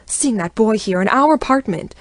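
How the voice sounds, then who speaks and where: A woman's voice: a little high, expressive, moderate pace, dry recording, studio quality, voice pushed up. Woman doing a hissing, snobbish old grandmother. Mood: disdainful. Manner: hissing, disdainful.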